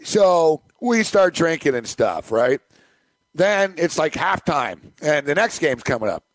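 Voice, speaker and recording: A middle-aged man hosting a sports betting podcast, telling a rambling, animated anecdote in casual chat. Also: fairly high pitch, unhurried, dry recording. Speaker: podcast host. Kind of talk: casual storytelling.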